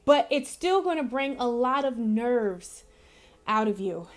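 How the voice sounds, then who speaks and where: A woman's voice: on the high side, animated, unhurried. A woman giving a casual monthly astrology reading, chatty and giggly with lots of fillers. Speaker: spiritual reader.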